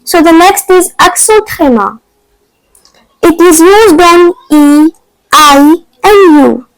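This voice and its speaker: Very high-voiced, slow woman teacher. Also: no room sound, poor audio. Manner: slow, deliberate, repeats example words for practice. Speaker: French teacher. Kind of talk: scripted lesson narration.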